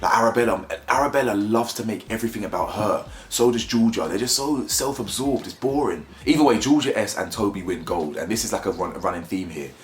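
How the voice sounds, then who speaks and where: A man's voice: on the low side, a little fast, hardly any pauses, roomy sound, a little hiss or hum. A man giving a blunt, mocking, slangy review of a reality show in casual commentary.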